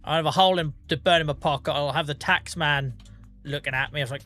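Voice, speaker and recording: A man's voice: on the high side, fast, bright, forceful tone, soft background music. A man with a Norfolk accent, chatting casually to his live-stream viewers while gaming, self-mocking and laughing often.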